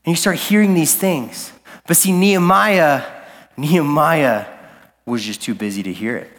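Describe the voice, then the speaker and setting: A man's voice: fairly high pitch, normal speed, a bit bright. A male youth pastor preaching a sermon in a casual, slangy way that builds to emphatic peaks. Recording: long reverb of a large hall.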